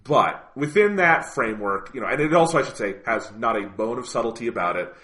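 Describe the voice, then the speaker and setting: A man co-hosting a podcast in casual chat, animated and swearing freely, with lots of "like" and "you know". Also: medium pitch, brisk. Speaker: podcast co-host.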